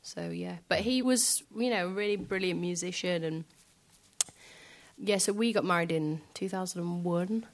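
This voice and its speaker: A woman musician speaking softly and hesitantly in a reflective interview in front of a live audience, filling pauses with small filler phrases. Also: fairly low pitch. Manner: soft, hesitant, many fillers. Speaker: guest musician.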